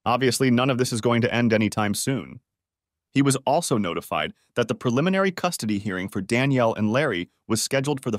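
A male narrator reads a story audiobook in an even, matter-of-fact way. His voice sits in a middle register, recorded dry and close with no room sound. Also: medium pitch, dry recording.

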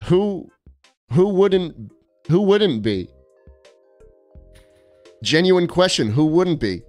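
A man's voice: sits high, very animated, very slow, darkish tone, faint music behind. A young man streaming casually, reading viewer postcards aloud with sarcastic, mock-arrogant jokes.

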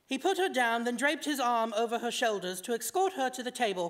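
Woman, fiction reading, expressive storytelling, higher-pitched voice. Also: brisk. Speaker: reader at a fiction night. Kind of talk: reading her own story aloud.

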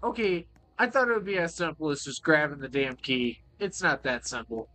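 Jokey guy yelling through a game playthrough, kinda high voice, swears a lot. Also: normal speed, no echo. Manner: excitable, joking, swears freely. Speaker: gaming video creator. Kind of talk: playthrough commentary.

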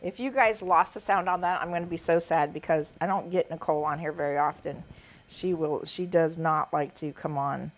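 A woman's voice: low voice, fairly even intonation, moderate pace. A middle-aged woman, chatting casually and laughing often as host of a quilting livestream, drifting off topic.

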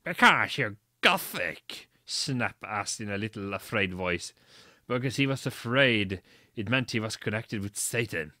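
A man's voice: on the low side, moderate pace, pushed and bright, no room sound, studio quality. A man reading a badly written story aloud for comedy, mocking it and stumbling over its misspellings. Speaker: reader.

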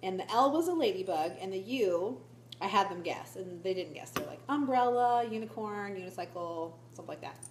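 A woman's voice: mid-range voice, expressive, fairly quick, darkish tone, a little hiss or hum. A woman teacher in casual vlog chat, telling stories with giggles, filmed on a handheld camera in a classroom. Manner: chatty, giggly storytelling. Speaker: first grade teacher.

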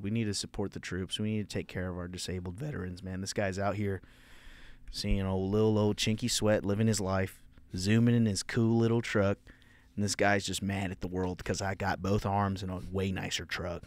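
A man's voice: on the low side, dry recording. Young comedian guy ranting a story on his podcast, cussing and laughing, dead dry mic sound. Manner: loud, profane, laughing storyteller.

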